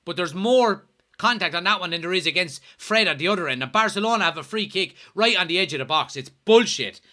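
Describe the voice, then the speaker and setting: Irish guy from kilkenny doing a live footy watchalong, excitable, keeps yelling at the ref, voice is sharp and bright. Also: sits high, brisk. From Ireland, Kilkenny. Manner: excitable, yells at the referee, swears; reads out chat messages. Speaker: watchalong host. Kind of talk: live match watchalong commentary.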